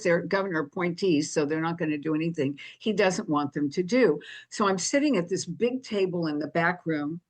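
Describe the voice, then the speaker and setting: Older lady w a lowish voice, chatty storyteller in an interview. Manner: lively anecdotal storytelling, vivid retelling. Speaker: guest.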